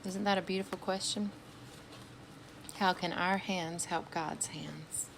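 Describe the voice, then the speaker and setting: Lady reading a kids' storybook real slow, lowish voice, asks the little ones questions, bit of faint hiss behind. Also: fairly even intonation, vocal fry. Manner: gentle, asks listeners questions between passages. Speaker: children's storytime reader. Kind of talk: reading a picture book aloud to children.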